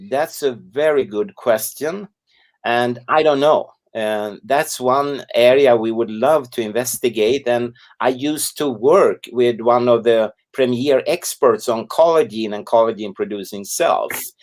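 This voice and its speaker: Older Swedish scientist, earnest and unhurried. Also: male voice, mid-range voice. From Sweden. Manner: earnest, animated when quoting others. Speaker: interview guest, scientist. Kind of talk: storytelling in an interview.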